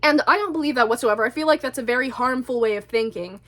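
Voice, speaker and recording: A woman's voice: fairly high pitch, quick pace, a bit bright. A woman vlogger talking in a chatty, rambling way, with a stutter and many restarts. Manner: chatty, rambling, self-deprecating. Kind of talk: casual rambling monologue.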